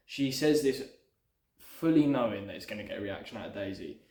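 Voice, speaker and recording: A man with a fairly low voice casually talks through his own screenplay scene by scene. His delivery is loose and rambling, padded with "sort of" and "you know". The sound is roomy, with a clear echo around him. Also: lively intonation, fairly quick, darkish tone. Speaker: screenwriter and channel host. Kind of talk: casual script breakdown to camera.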